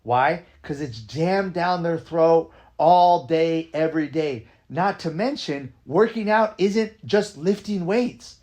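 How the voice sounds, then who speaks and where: A man talking casually as a podcast host and dance coach, energetic and emphatic, often asking "right?" and swearing now and then. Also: a little high, slow, few pauses. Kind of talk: casual conversation.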